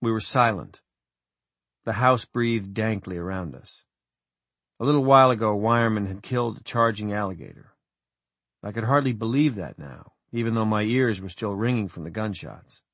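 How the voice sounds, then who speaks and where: A man giving measured, reflective first-person audiobook narration on a close studio mic. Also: on the low side, fairly bright tone, no room sound.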